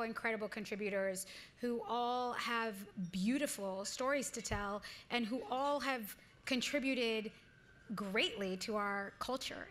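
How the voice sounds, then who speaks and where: A woman in her thirties being interviewed on a live event stage, telling stories in an earnest, animated way with frequent restarts. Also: medium pitch. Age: 30s. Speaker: guest actress. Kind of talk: onstage interview conversation.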